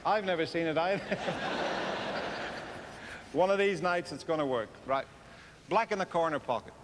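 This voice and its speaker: An Irish man with a slightly high voice and moderate pace performs live stand-up between snooker trick shots, chatting with the crowd and poking fun at himself. He's a comedian and trick-shot entertainer on stage before an audience, captured on a noisy 1990s live video.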